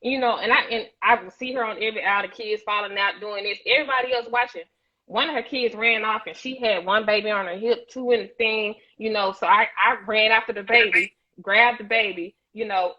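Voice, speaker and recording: Bright-voiced woman preaching emphatically. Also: medium pitch, a little fast, lo-fi sound. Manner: emphatic, preachy, repeats words as she builds points. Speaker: panelist on a women's talk show. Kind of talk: impassioned discussion.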